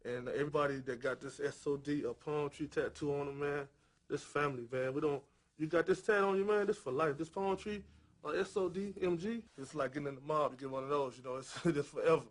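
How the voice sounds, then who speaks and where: A man's voice: a little high, fairly quick. Earnest, casual man in an interview.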